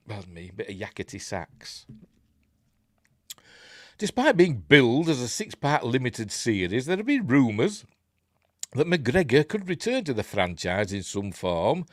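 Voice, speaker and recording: A man with a Yorkshire accent chats casually through a live news stream, reading pieces out and tossing in sarcastic asides. His voice sits fairly low but swings widely in pitch. The sound is dry and close, with no room echo. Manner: chatty and sarcastic, reads articles aloud and mocks them.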